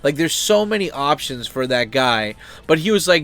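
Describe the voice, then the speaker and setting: A man's voice: on the high side, big pitch swings, normal speed, few pauses, a bit bright. A man hosting a channel, talking in a loose, rambling way with lots of fillers, restarts and swearing. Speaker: channel host. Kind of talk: casual opinion chat.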